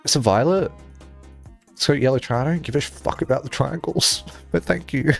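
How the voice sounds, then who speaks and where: A man's voice: mid-range voice, moderate pace, vocal fry, faint music behind. A male streamer chatting casually while playing a game, rambling through a story with lots of "like" and swearing.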